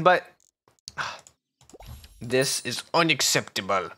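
A man doing excitable, melodramatic gameplay commentary as a gaming video creator. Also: takes it slowly, pauses often. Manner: excitable, melodramatic, jumps to squeaky yelps. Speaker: gaming YouTuber.

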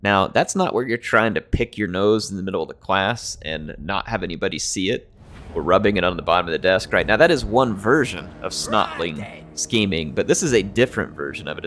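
A man giving casual, explanatory commentary over a strategy game battle replay, with plenty of fillers. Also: fairly low pitch. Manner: relaxed, explanatory, frequent fillers.

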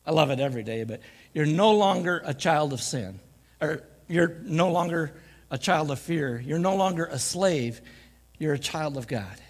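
A man's voice: a little high, lively intonation, moderate pace. Man preaching a folksy sermon in a reverberant church. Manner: folksy, jokes and laughs between scripture lines. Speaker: guest preacher. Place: church sanctuary. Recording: church live stream with long hall reverb.

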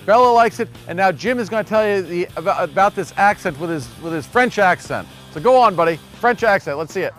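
Folksy man pitching used cars. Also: animated, a little fast, few pauses, fairly bright tone, faint music behind. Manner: chatty, folksy, rambling with fillers. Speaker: car dealership host. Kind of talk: local TV car sales pitch. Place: car dealership lot.

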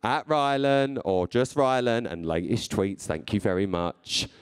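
A man's voice: lowish voice, unhurried, clean tone. A man in his thirties, a presenter, talking live to an audience in a chatty, playful way and laughing often. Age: 30s. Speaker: radio and TV presenter. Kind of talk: live talk to an audience, reading tweets aloud. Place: live event before an audience.

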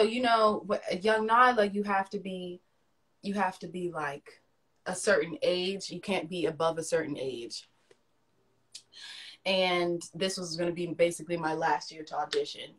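Lower-pitched young woman telling a story. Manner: animated, swinging loudness. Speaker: livestream co-host. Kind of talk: casual storytelling. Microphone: phone livestream.

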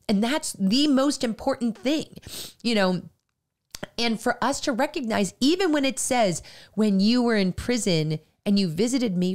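A middle-aged woman co-hosting a faith podcast, talking in a halting, earnest way with many fillers, at times near tears. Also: fairly high pitch, big pitch swings, darkish tone. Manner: halting, filler-heavy, growing emotional and earnest. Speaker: podcast co-host. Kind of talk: faith-based casual podcast talk.

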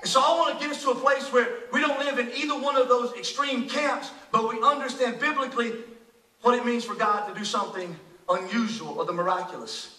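A man with a strikingly high, piercingly bright voice delivers a sermon, pressing his points with repeated words and rhetorical asides. He sounds roomy and distant, as if captured from across an echoing church sanctuary. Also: steady tone, a little fast. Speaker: pastor. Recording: echoey church hall, voice picked up from a distance.

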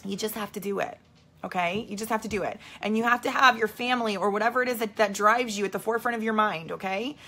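A woman's voice: medium pitch, fast, pushed and bright. A woman coaching casually to camera from home, bubbly and chatty, checking in with "okay?" all the time. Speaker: network marketing coach. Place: at home with children nearby.

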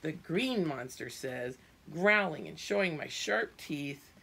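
A middle-aged woman, a preschool teacher at home, reading a picture book aloud to small children in a gentle, singsong way. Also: sits low, expressive, takes it slowly, vocal fry, husky. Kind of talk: children's storybook read-aloud.

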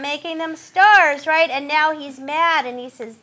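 A woman's voice: high voice, expressive, bright, forceful tone, a little hiss or hum. A woman coaching a voice actor through a live audition read, chatty and encouraging. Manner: chatty and encouraging, quick asides and laughs. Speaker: voice-over coach. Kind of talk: directing a live audition session.

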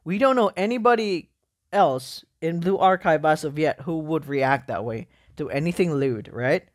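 A gaming YouTuber giving rambling, excitable let's-play commentary, full of fillers. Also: medium pitch, moderate pace.

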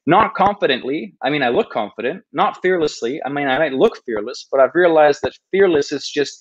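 A man's voice: on the high side, expressive, brisk, breathy edge, highs cut off. A man in his thirties, a podcast guest telling his story in an earnest, self-deprecating way, often restarting his sentences. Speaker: podcast guest, travel video maker. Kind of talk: casual storytelling interview. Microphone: podcast microphone.

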